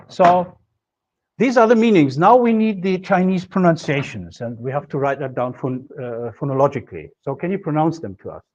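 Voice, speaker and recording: A man delivers a university lecture in a fairly high voice. He explains step by step, working through examples. The recording sounds muffled and lo-fi. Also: darkish tone, a little hiss or hum. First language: German. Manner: methodical, explaining with worked examples. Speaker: linguistics lecturer.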